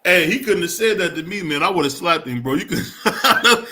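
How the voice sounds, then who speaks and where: A man chats casually about boxing as co-host. His voice sits a little high and rings bright and forceful. He laughs often and reads viewer comments aloud. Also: expressive, brisk.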